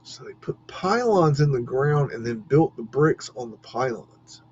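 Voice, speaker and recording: A man's voice: medium pitch, animated, a little slow, a little hiss or hum. A man hosting a live stream, chatting casually and rambling, with frequent laughs and many restarts. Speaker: livestream host. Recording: dull lo-fi stream audio.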